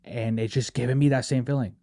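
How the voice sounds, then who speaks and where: A man's voice: medium pitch, fast talker, no echo, studio quality. Casual man saying "bro" a lot. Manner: casual, animated, peppers speech with "bro" and "right?". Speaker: podcast host. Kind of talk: casual chat.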